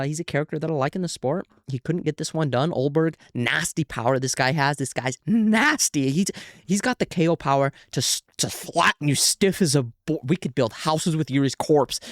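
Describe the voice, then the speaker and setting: A man hosting a casual post-fight breakdown, excitable and prone to bursts of shouting and groaning. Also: fairly high pitch, no room sound, studio quality. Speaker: MMA commentator and video host.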